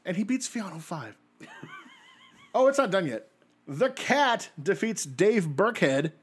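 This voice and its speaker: Male podcast co-host, slightly higher voice, lively casual recapper. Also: a little slow, breathy edge. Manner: animated storyteller, laughs often, acts out quotes. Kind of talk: casual chat.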